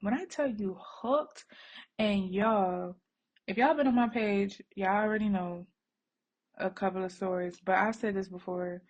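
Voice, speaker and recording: A woman's voice: medium pitch, unhurried, darkish tone, lo-fi sound. A woman vlogging at home while she braids her daughter's hair, chatting to viewers in a rambling, easygoing way and calling them y'all. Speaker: vlogger and mother. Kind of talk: casual chat to viewers. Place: home, working on a bed.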